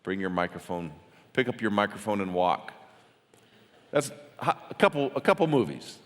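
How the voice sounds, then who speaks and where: A man's voice: fairly low pitch, sing-song, normal speed. A man teaching a Bible study in a casual, chatty way, often restarting his words and asking the audience questions. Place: large hall with a gathered audience. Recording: long hall reverb.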